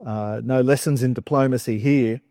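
A man's voice: medium pitch, steady tone, normal speed, warm tone, dry recording. Dry-sounding man preaching with wry humour. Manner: chatty and wry, with humorous asides. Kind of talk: conversational sermon.

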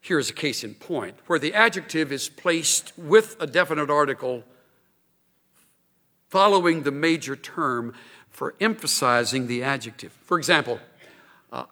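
A man preaching a sermon, emphatic and expressive, building to strong points. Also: medium pitch, normal speed, in a large hall.

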